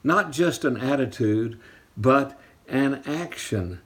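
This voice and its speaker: A pastor preaching a sermon, telling stories and slowing down to stress key lines. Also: male voice, mid-range voice, expressive. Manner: storytelling preacher, shifts pace for emphasis, drops to soft asides.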